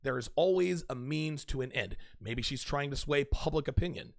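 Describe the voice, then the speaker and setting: A man's voice: a little high, moderate pace, vocal fry. A man hosting his own show, delivering an emphatic advice monologue straight to his listeners and repeating his key points. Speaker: podcast host. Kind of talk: direct-to-camera advice monologue.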